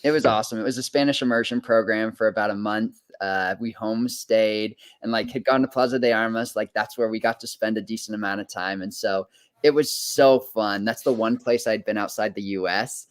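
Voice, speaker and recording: A man talking as a guest in a casual interview chat, easygoing and relaxed as he tells stories. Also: fairly low pitch, a little fast. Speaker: guest, reality show contestant.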